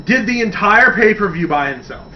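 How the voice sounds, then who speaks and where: Man, radio host, casual rambling talk, enthusiastic, slightly higher voice, distant dull recording with faint hiss. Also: expressive, normal speed. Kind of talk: casual wrestling talk segment.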